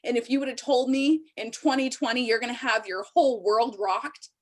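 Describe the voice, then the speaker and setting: A woman's voice: a little high, steady tone, brisk. Emotional woman giving an urgent pep talk. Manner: emotional, urgent, pleading with listeners. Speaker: team leader hosting a sales team call. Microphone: video call.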